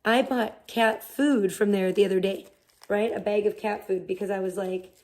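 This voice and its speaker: A woman's voice: mid-range voice, steady tone, moderate pace, a little mellow. A woman live streamer chatting casually, rambling and swearing as she rants in exasperation. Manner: rambling, profane, exasperated ranting. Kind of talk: casual chat.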